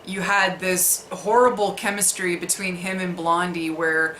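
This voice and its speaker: Brief: female co-host, deliberate and opinionated, crisp bright tone, faint noise. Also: fairly low pitch, fairly even intonation. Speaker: podcast co-host. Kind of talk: casual film review chat. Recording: echoey room, faint noise.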